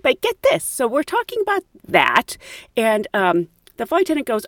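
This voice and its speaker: A woman's voice: a little high, moderate pace, dry recording, clean studio sound. A woman, a former flight attendant, telling stories in a casual chat, laughing and acting out the dialogue. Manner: animated, laughing, acts out dialogue.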